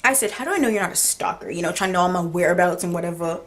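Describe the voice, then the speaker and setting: A teenage girl talks straight to her viewers in a casual storytime vlog. Her pitch jumps all over as she acts out both sides of a text chat, and she laughs through her own story. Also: expressive, rapid-fire. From United States. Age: teens. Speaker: vlogger.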